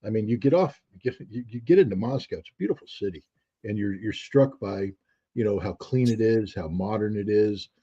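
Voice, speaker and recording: A man's voice: lowish voice, lively intonation, a little fast, warm tone, slightly rough, dull audio. A man, a guest on an interview show, telling stories reflectively with frequent restarts and fillers. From United States. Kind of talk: conversational storytelling.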